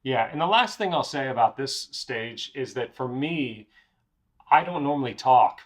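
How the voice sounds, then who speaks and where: A man's voice: mid-range voice, animated, unhurried. A man co-hosting a casual chat, giving instructive, direct advice and repeating his points. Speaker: co-host, pianist and music director.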